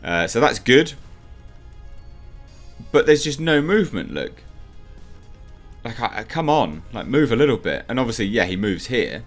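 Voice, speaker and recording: A man's voice: mid-range voice, sing-song, moderate pace, pauses often, faint music behind. A man reviewing a movie trailer in casual reaction commentary, opinionated and rambling as he thinks aloud with frequent ums.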